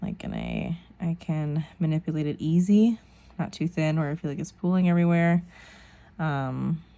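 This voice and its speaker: A woman in her thirties talks through her nail tutorial in a relaxed, rambling way, tossing in self-deprecating asides. Her voice sits a little low, with a warm, mellow tone and a gravelly edge. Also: moderate pace, muffled recording. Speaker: nail vlogger. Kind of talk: casual tutorial chat.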